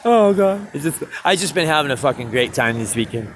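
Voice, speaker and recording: A man's voice: on the high side, animated, fairly quick, fairly bright tone, slight background noise. A man, a street musician, telling a rambling story in casual chat, swearing and laughing often.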